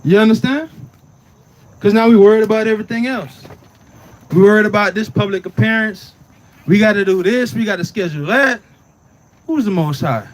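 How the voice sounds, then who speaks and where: A man's voice: sits high, moderate pace, long pauses. A man teaching scripture in a casual preaching way, often asking "right?" and "you understand?" and telling the reader to read on. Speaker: Bible teacher.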